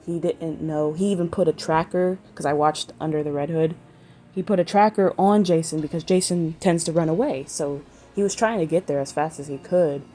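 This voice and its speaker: A woman's voice: low-pitched, normal speed, dark tone, soft background music. A woman chatting casually in a vlog, rambling and swearing freely and trailing off mid-sentence. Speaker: vlogger.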